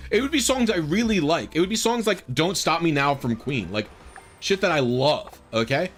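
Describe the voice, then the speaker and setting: A man's voice: a little high, very animated, moderate pace, a bit bright. Streamer guy rambling a work story, lots of "like", bit of music in the background. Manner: rambling, filler-heavy, exasperated. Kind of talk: casual storytelling while gaming.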